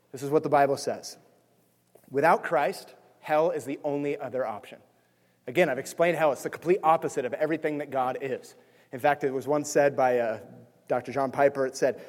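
A man preaching with fervor, his voice pitched high and often near a yell before it drops low and earnest. He is a pastor in a church, heard with a long echo off the walls. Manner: passionate, near-yelling preaching with wide swings in loudness. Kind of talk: sermon. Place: church sanctuary.

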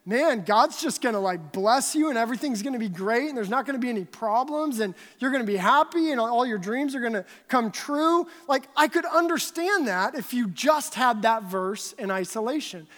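A woman giving conversational Bible teaching, telling stories in an animated, chatty way. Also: on the high side, moderate pace, few pauses. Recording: long hall reverb.

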